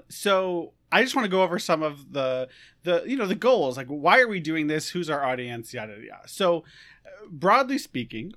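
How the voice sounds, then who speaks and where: A man's voice: fairly high pitch, a bit bright. A man co-hosting a podcast, upbeat and prone to laughing, talking with plenty of ums and uhs. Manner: laughing, upbeat, with many fillers. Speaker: podcast co-host. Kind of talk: casual podcast chat.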